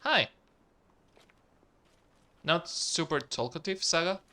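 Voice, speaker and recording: A man casually commenting while playing a video game, excitable and swearing freely. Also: on the high side, takes it slowly. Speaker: gaming streamer. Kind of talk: casual let's-play commentary.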